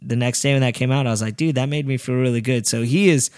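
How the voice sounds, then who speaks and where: A man co-hosting a podcast, chatting casually and telling stories, acting out quotes in a high quivering voice. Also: fast talker, no echo, clean studio sound. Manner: animated storyteller, acts out quotes in a high quivering voice. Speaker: podcast co-host. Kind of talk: casual chat.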